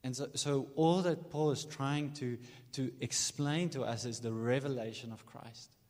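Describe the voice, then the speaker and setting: Male preacher, earnest and emphatic sermon delivery, mid-pitched voice, long hall reverb. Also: unhurried, darkish tone. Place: church during a morning service.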